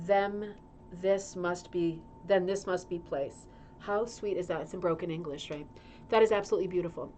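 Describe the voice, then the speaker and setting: A woman's voice: on the low side, slight background noise. A middle-aged woman hosting a casual livestream, reading a magazine aloud with chatty asides, in an indoor room. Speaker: show host reading a magazine. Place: indoor room with a humming heater.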